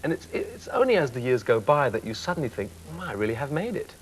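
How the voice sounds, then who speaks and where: A man's voice: medium pitch, sing-song, fast, slight background noise, low-quality recording. A man in his fifties reflecting candidly on his singing career as a talk show guest. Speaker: singer, guest. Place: TV studio.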